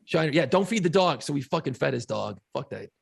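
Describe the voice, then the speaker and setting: Gravelly, fired-up man telling stories. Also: fairly high pitch, animated, fairly quick. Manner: profane, fired-up storytelling. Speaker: podcast co-host. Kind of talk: casual chat.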